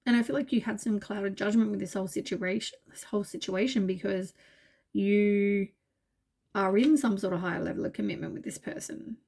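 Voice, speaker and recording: A woman's voice: medium pitch, a little fast, vocal fry, darkish tone. Tired, rambling woman reading tarot. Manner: meandering, full of fillers, reassuring. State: tired, yawning. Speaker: tarot reader.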